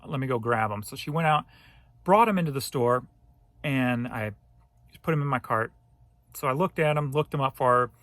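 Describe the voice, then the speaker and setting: A man, a thrift reseller, telling a story straight to camera in a casual, animated way, cursing now and then. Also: medium pitch, normal speed, pauses often, dry recording. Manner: animated, profane ranting retelling.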